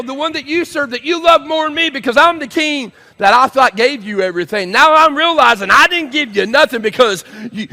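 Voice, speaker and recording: A man voicing an overjoyed ancient king who cries out in a high, shouting voice, performed during a sermon. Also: slightly rough, in a large hall, exaggerated voice.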